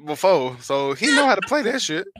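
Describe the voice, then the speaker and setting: A man's voice: high-pitched, very animated, fairly quick, background noise. A young man co-hosting a podcast in casual chat, blunt and joking, swearing freely. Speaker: podcast co-host.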